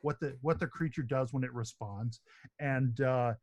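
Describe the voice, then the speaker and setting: A man narrating as game master of a tabletop game, relaxed and hesitant, with many fillers. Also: mid-range voice, moderate pace, no echo.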